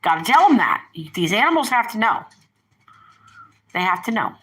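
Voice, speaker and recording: A woman's voice: mid-range voice, big pitch swings, normal speed, a bit bright, rough recording. An older woman hosting a casual live stream, rambling and chatty, often breaking off to talk to her pets and family. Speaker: livestream host.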